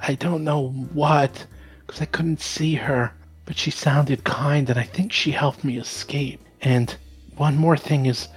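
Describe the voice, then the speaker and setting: A man voicing a terrified blinded male prisoner who stammers and breaks into high, pleading cries. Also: steady tone, slow, husky. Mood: hushed.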